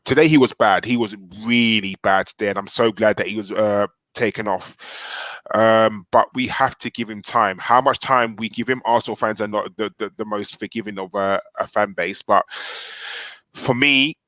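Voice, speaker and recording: A man's voice: on the low side, steady tone, normal speed, fairly bright tone, dry recording. A man speaking as a podcast panelist, blunt and insistent, repeating his points to drive them home. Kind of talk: casual live podcast chat.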